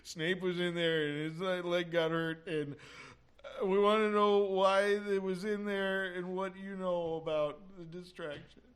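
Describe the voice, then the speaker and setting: A bright-toned male voice, slightly high, riffing through a movie scene with playful mock drama. He laughs often as a comedy podcast cohost. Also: level tone, measured pace, clear, resonant tone. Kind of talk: improvised comedic role-play of a movie.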